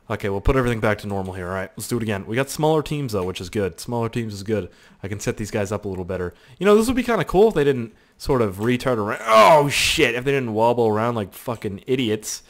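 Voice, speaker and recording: A man giving excitable let's play commentary, swearing freely, yelling at his game characters and mocking himself. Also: medium pitch. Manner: self-mocking banter. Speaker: gaming YouTuber.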